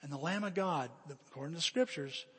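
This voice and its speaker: A man preaching a sermon, telling a story in an animated way and dropping to hushed appeals. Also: a little high, fast talker, breathy edge, big-room sound. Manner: animated, repeats himself, drops to hushed appeals. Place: church.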